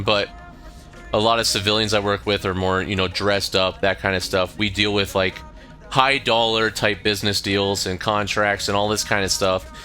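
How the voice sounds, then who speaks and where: American guy rambling on his stream, low bright voice, swears a lot, faint music behind. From United States. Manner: rambling, swears freely, lots of fillers. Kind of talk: casual stream chat.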